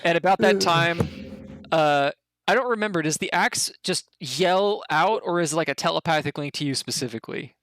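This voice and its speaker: A man's voice: a little high, moderate pace, fairly bright tone, no echo. A man narrating a tabletop game as game master, rambling with fillers and laughing often.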